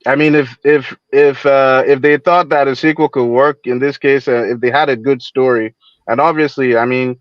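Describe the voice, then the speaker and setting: A man with a steady, mid-range voice calls into a livestream as a guest, offering casual commentary. He halts, restarts, and repeats words, growing heated as he makes his point. The call audio is dull, dry, and lo-fi with no echo.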